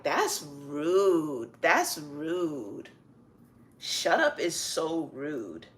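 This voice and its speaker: Woman, low voice, very lively intonation, casual live-stream chat, drawn-out emphasis. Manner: chatty and animated, stretches words for emphasis. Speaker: hair stylist hosting a live stream. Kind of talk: casual chat while styling hair. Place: at home doing her own hair.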